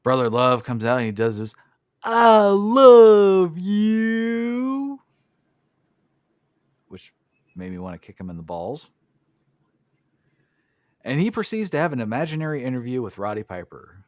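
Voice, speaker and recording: A man's voice: medium pitch, lively intonation, a little fast, long pauses, no room sound, studio quality. A man hosting a podcast, recapping a wrestling match in casual chat and swearing freely. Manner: swears freely, blunt opinions. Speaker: podcast host.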